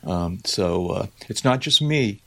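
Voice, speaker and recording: A man's voice: fairly low pitch, animated, measured pace, creaky, bright, forceful tone. A man hosting a podcast in casual chat, teasing his co-hosts and full of fillers. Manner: teasing, chatty, many fillers. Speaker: podcast host.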